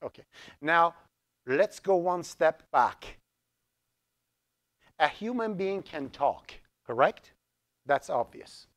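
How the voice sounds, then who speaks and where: A middle-aged man who grew up speaking Azerbaijani, teaching a college programming class in a lively, joking way and putting questions to the students. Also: fairly high pitch, slow pace, pauses often. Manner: lively, asks the class questions, jokes around. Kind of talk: live classroom lecture.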